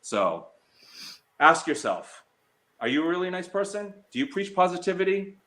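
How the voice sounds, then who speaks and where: On his live stream, a slots streamer sounds hurt and angry, his very animated, slightly bright voice moving at a moderate pace amid fillers and false starts. Quoting others, he switches to a shrill, mocking falsetto.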